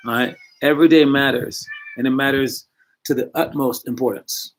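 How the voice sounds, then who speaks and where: A man's voice: medium pitch, fairly even intonation, normal speed. Casual, encouraging male youth coach. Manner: casual, encouraging, self-correcting. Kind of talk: motivational talk to young players.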